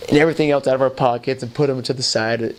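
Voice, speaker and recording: A man's voice: mid-range voice, very fast. A man, a former missionary, telling a personal anecdote in a loose, chatty way and acting out other people's lines. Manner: animated storytelling that acts out other people's lines; loose and chatty, full of "like" and "you know". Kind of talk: personal anecdote told to camera.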